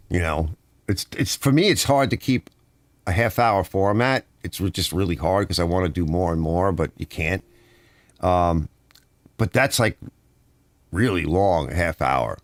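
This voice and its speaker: Low-voiced guy rambling on his live stream, reading chat, dry close sound. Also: no room sound. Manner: rambling, chatty, reads comments aloud.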